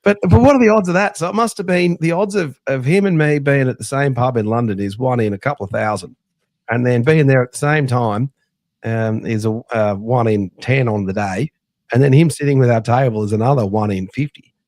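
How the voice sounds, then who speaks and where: A man's voice: mid-range voice, fairly quick, no room sound, studio quality. Chatty Australian man telling a story. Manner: chatty storyteller, animated anecdotes. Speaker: podcast host. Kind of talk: casual sports podcast chat.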